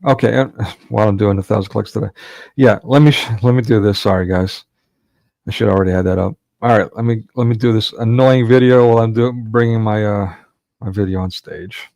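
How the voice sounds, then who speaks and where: Fervent, preachy man with a gravelly voice. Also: on the low side, fairly quick, darkish tone, no room sound. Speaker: livestream host. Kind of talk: preaching livestream talk.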